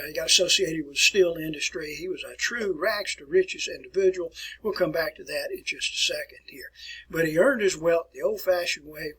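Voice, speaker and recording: A man's voice: high-pitched, fairly bright tone, husky, low-quality recording. A man teaching a recorded history lecture, folksy and rambling, with many fillers and asides to his students. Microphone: document camera with built-in mic.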